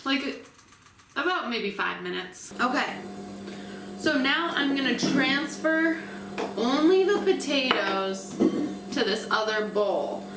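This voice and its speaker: A woman's voice: on the high side, roomy sound, distant mic, background noise. A woman hosting her own cooking vlog, chatting casually and unsure of herself as she cooks in a home kitchen. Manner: chatty, unsure, self-deprecating while working. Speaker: cooking vlogger.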